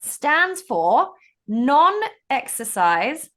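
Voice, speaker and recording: A woman co-hosts a casual podcast over a video call. She explains things in a lively, self-deprecating way. Her voice is bright and high, and it swings freely up and down. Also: very slow. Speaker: podcast co-host. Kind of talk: casual chat.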